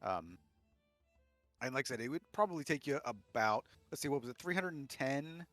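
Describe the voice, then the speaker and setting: A man's voice: medium pitch, sing-song, moderate pace, a bit bright, dry recording, faint music behind. A man running a tabletop game as game master, talking loosely with many fillers. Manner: loose and filler-heavy, laughing easily.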